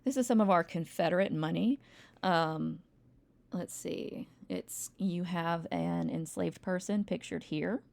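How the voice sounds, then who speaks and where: A woman's voice: fairly low pitch, unhurried, vocal fry, a little mellow. A woman teacher giving a recorded history lecture, rambling with wry asides and frequent ums. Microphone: home recording, textbook open nearby.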